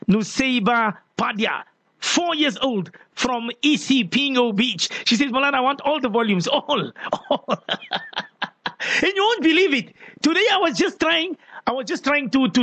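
A man's voice: high voice, a bit bright, slightly rough, no echo. A man hosting a call-in radio show, rambling and repeating his words as he reads out listeners' messages.

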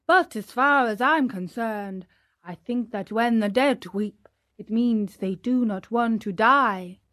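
A woman voicing a fussy male owl doctor who politely contradicts in a measured way. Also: fairly high pitch, fairly bright tone, no room sound, studio quality. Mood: contrary.

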